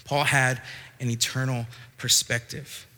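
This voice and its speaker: Animated young male youth pastor. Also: medium pitch, measured pace, big-room sound. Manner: animated and joking, with restarts. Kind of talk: youth sermon with storytelling. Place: church hall.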